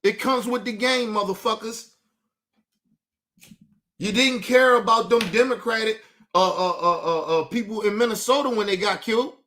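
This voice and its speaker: A man on a livestream delivers a combative, profanity-laced rant at his chat. His voice sits high for a man, and he circles back over his own words as he argues. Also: moderate pace, pushed and bright. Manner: combative, profane, repeats himself. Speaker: livestream host.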